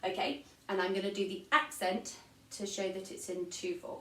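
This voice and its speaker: A woman's voice: medium pitch, steady tone, normal speed, far from the mic. A woman with an English accent teaching a recorded online music lesson, patiently explaining and counting beats aloud. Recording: echoey room, voice from off-mic.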